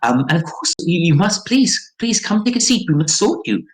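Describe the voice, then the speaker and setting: A woman's voice: mid-range voice, sing-song, moderate pace, voice pushed up, lightly acted. A woman voicing a faceless female gnome who is eerily cheerful and sing-song. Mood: eager.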